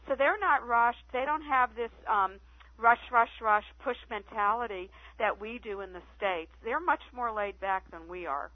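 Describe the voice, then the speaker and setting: A woman guest telling stories on a phone-in radio interview, chatty and animated. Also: a little high, normal speed, no echo. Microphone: telephone. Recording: tinny phone line, dry.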